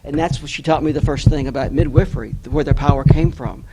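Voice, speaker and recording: Speaking fast in a slightly high voice, an author delivers an address and tells a story, animatedly performing the voices of those he quotes. The recording is very noisy.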